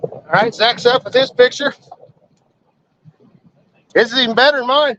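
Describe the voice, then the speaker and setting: A high-voiced man chats casually to his live audience from a fishing boat on the river. He is folksy and excitable, quick to whoop. The sound is dull and lo-fi, with a faint hum of boat and water behind him. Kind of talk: casual live-stream chat. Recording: lo-fi outdoor stream with boat noise.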